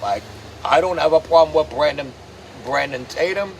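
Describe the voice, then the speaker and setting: A man's voice: a little high, moderate pace, vocal fry, a little hiss or hum. A man hosting his own show, delivering a profane, sarcastic ranting commentary. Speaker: host.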